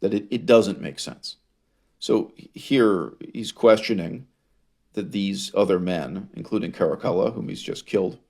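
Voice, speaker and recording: A man with a deep, gravelly, darkish voice lectures on ancient history. He reads source passages aloud and comments on them with wry humor, laughing at his own readings, asking rhetorical questions, and drawing out words for emphasis.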